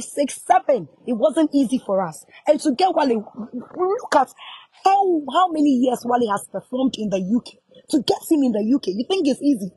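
A woman's voice: on the high side, darkish tone, slightly rough, no echo. A Ghanaian woman, a music promoter, angrily scolding a journalist in a heated live rant and repeating her questions.

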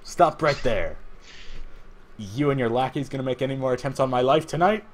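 A man's voice: medium pitch, fast. A man streaming a game in a strained, put-on character voice, swearing and blowing up at other players. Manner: gravelly, profane, explosive outbursts. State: strained throat. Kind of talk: profane live gameplay commentary in a put-on character voice.

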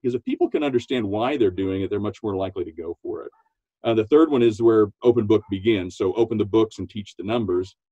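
This is a man talking business on a podcast with real enthusiasm, laughing easily and slipping into quoted voices. His voice sits low and mellow. The sound is dry and a little lo-fi, like a remote recording. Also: fast talker, no echo. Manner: animated, laughs often, acts out quotes in a high voice. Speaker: podcast guest, business coach. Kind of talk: enthusiastic interview talk.

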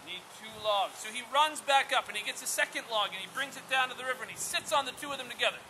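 Camp instructor guy telling a story outdoors, chatty n lively, hissy recording. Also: very high voice, racing, rough recording. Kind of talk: oral storytelling.

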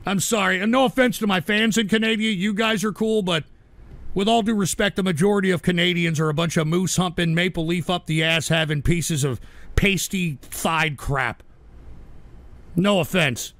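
A man's voice: high-pitched, normal speed, fairly bright tone, dry recording. A man hosting a livestream show, reading viewer donations and ranting at trolls with irritable, profane outbursts. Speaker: host.

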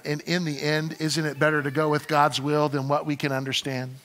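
A male pastor preaching a sermon in an animated, conversational way, repeating his phrases for emphasis. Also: fairly high pitch, brisk, few pauses, big-room sound. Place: church sanctuary.

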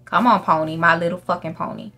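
A woman's voice: on the low side, steady tone, fast talker, sharp tone, soft background music. Brash, cussing young woman gamer. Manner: brash, profane, talks to the game animals. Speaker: gaming YouTuber. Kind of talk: casual gameplay commentary.

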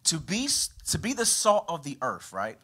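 A pastor delivers a sermon in a church, his voice pitched a little high for a man. He preaches with swings of pitch and loudness, sometimes punching out a phrase and sometimes dropping low and quiet. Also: moderate pace, breathy edge. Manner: animated preaching with sweeping pitch and volume.

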